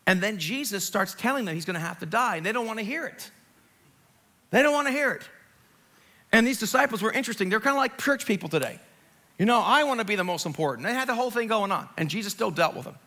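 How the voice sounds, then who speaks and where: High, bright-voiced man preaching. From Long Island, New York. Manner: animated and conversational, jokes and asides, swings from loud to hushed. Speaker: pastor. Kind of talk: Easter sermon. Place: church sanctuary, live service.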